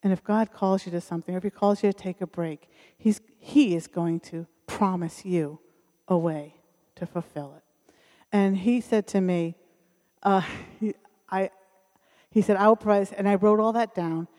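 A woman's voice: mid-range voice, normal speed, warm tone. A middle-aged woman giving a sermon with a personal testimony, telling the story earnestly and acting out the voices of the people she quotes. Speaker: speaker at a church service. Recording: long hall reverb.

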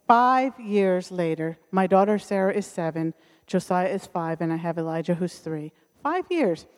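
In a sermon at a church service, a middle-aged woman shares a personal testimony, earnestly recounting events and performing the voices of the people she quotes. Her voice sits in the mid-range and has a slightly mellow quality. The sound carries a long hall reverb.

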